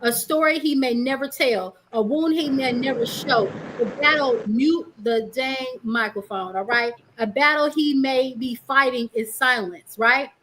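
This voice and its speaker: A woman's voice: high voice, unhurried, few pauses, noisy background. A woman hosting a livestream, reading viewers' comments aloud and answering them in a blunt, profane, sassy way. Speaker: livestream host.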